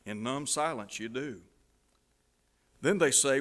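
Male preacher, mid-pitched, dramatic storyteller who drops to a hush; recorded with long hall reverb. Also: unhurried, long pauses. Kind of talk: sermon illustration, storytelling.

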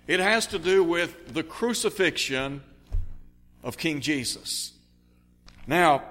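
Earnest preacher with ringing hall echo. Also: male voice, a little high, sharp tone. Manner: earnest Bible exposition, reading scripture aloud. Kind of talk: radio sermon.

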